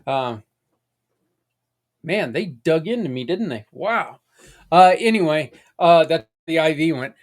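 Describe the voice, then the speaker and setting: A man's voice: fairly high pitch, lively intonation, takes it slowly, long pauses. A middle-aged man hosting a podcast in a casual, folksy, rambling monologue. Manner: conversational, folksy, rambling with asides. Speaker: podcast host.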